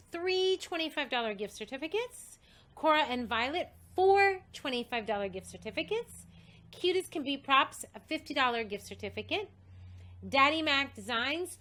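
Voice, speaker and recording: Excited woman, coughing and breathless. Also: high-pitched. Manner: excited, reading a list aloud. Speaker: host. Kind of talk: casual livestream announcement.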